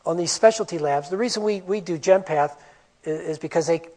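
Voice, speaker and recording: A man giving a conference presentation on medical coding, animated and emphatic, with rhetorical questions. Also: on the high side, fairly quick. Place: conference room.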